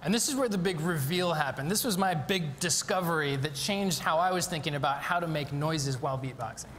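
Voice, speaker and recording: An eager man explains his work from a lecture stage, his somewhat high voice full of ums and quick restarts. His voice rings through a long hall reverb, over faint background noise. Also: fairly bright tone. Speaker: conference speaker. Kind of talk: live stage talk explaining a demonstration.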